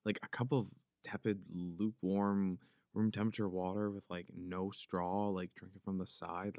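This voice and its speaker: A man's voice: deep voice, little pitch movement, normal speed, a little mellow, dry recording, studio quality. A man with a Philadelphia accent hosting a casual solo podcast, rambling and joking as he mushes his consonants together. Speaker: podcast host. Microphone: podcast microphone.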